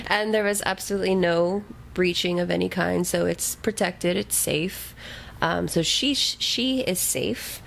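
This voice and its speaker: A woman's voice: on the low side, slow, creaky, fairly bright tone, slight background noise, low-quality recording. A woman co-hosting a casual book podcast, talking loosely and swearing freely. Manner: casual and profane, with frequent agreeing fillers. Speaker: podcast co-host.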